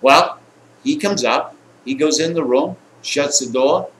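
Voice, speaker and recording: A man's voice: a little high, a little slow, slight background noise. A man telling a rambling, profane personal anecdote, acting out the people in it. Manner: rambling, coarse, animated quotes. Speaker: storyteller. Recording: echoey room, faint ambience.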